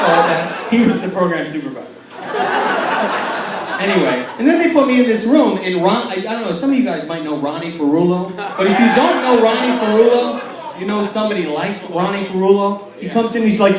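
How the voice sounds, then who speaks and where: A young man doing stand-up, telling self-mocking stories and acting out quick quotes. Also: high-pitched, expressive, a loud crowd. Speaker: stand-up comedian. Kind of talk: stand-up comedy. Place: large hall with a laughing audience. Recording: echoey hall taped from far off.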